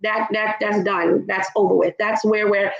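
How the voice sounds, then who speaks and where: A woman's voice: medium pitch, level tone, normal speed, vocal fry, echoey room, highs cut off. A woman from Trinidad with a Trinidadian and New York accent, speaking with emphasis as a panelist in a casual discussion and often asking "right?". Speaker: panelist in an online travel talk.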